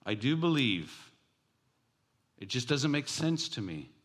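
A man voicing an indignant adult male apostle who protests in rapid, exasperated objections. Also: mid-range voice, sing-song, a bit bright, exaggerated voice. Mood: pleading.

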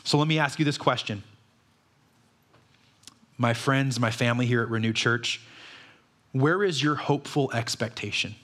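A man's voice: medium pitch, normal speed, long pauses, fairly bright tone. A man, a pastor, preaching a conversational sermon full of rhetorical questions.

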